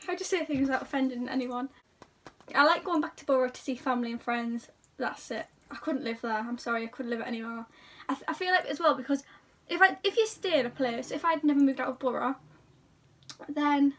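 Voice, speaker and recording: A woman's voice: high voice, fairly bright tone, distant mic. A young woman chatting to camera in a rambling, self-deprecating way, talking casually about herself. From England. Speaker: YouTuber.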